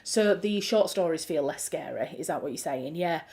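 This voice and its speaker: A woman with a Yorkshire accent, a writer hosting a relaxed livestream, chatting loosely and answering viewers from home. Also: low voice, moderate pace, creaky. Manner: chatty, self-described chaotic, answers chat messages. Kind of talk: casual livestream chat. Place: at home with her dog.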